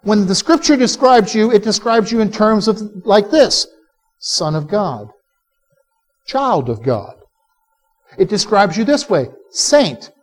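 A male pastor preaching a sermon to a live congregation, animated and conversational, quizzing listeners to answer back. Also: high-pitched, takes it slowly, faint music behind. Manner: direct, conversational asides to the listeners. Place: church service before a live congregation.

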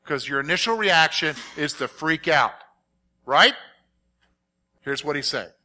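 A middle-aged man preaching a sermon, reading scripture and questioning his congregation in an animated, conversational way. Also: a little high, a little slow. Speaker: pastor.

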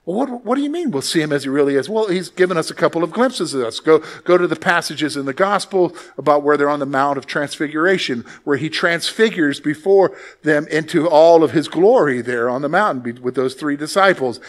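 A man pastor preaching a sermon, emphatic, moving between loud exclamations and quiet asides. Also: on the high side, a little fast, few pauses.

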